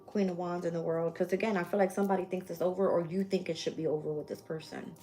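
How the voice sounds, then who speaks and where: A woman with a fairly low voice talks through a tarot reading in a loose, unscripted way. She is blunt and swears freely, thinking aloud as she names each card she turns. Cards shuffle and click softly behind her over a faint hiss. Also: quick pace. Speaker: tarot reader. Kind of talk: casual live-stream tarot reading.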